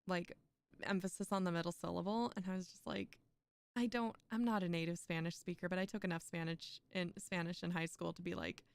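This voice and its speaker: A woman's voice: on the low side, fairly even intonation, brisk, smooth, no room sound. A young woman streaming a poetry reading, reciting poems aloud and breaking off into chatty asides with frequent laughs.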